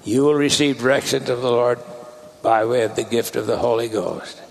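Man preaching with a gravelly voice. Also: mid-range voice, steady tone, moderate pace, a little hiss or hum. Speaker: church leader. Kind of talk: sermon.

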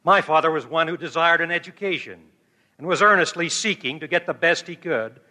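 A man giving a formal church conference address, telling a story in a measured way. The audio is an archival recording. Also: a little high, pushed and bright. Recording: reverberant archival hall recording.

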